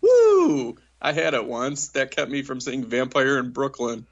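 A man's voice: medium pitch, steady tone, moderate pace, fairly bright tone. Rambling man on a dull podcast mic. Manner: rambling, filler-heavy, giggly. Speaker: podcast co-host. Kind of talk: casual chat.

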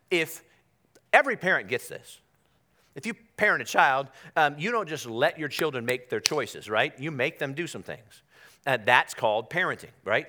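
A pastor preaching a conversational sermon in a church, repeating himself and calling on the congregation to respond. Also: male voice, a little high, bright, forceful tone. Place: church sanctuary.

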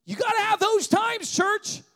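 A male pastor preaching a sermon with passion, often shouting, and checking in with the congregation with quick "right?" tags. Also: extremely high pitch, animated, creaky.

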